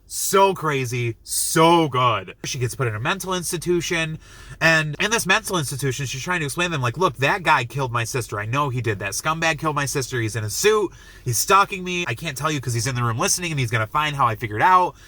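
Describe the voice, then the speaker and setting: A man recapping a film's plot in a casual, excitable review, acting out the characters' lines with lots of fillers and restarts. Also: fairly high pitch, dry recording. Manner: excitable, acts out quotes, many likes and restarts. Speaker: movie reviewer.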